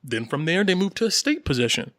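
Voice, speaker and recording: A fast-talking man with a slightly high voice co-hosts a podcast, recorded dry with studio quality. The chat is casual and animated as he rambles with plenty of fillers and repetition, laughing while he talks.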